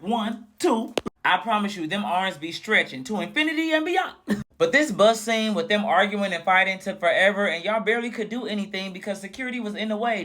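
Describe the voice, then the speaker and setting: A young man giving a sassy, animated, mocking casual recap of a reality show. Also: sits high.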